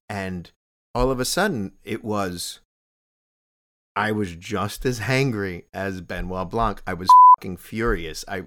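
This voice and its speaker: A man with a fairly low voice chatting casually about films. He talks excitably, with repeated words and restarts, and his pitch jumps when he gets worked up. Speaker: podcast co-host. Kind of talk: casual film discussion.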